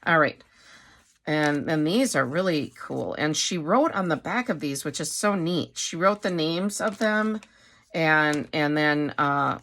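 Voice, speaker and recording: A woman's voice: sits low, gravelly, a bit bright. A middle-aged woman casually showing craft supplies, chatty and rambling, with many fillers and self-corrections. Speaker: craft vlogger. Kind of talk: casual show-and-tell chat.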